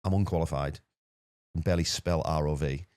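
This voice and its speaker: Guy telling a story fast, very low flat voice, dry sound. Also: no room sound. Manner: rapid, animated anecdote-telling with repeated words. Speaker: podcast guest. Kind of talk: casual storytelling.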